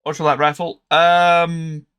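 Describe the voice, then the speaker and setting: A man's voice: on the high side, flat delivery, slow, a bit bright, clear, resonant tone. A tired man streaming a strategy game, thinking aloud with hesitant, trailing casual commentary. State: tired, yawning.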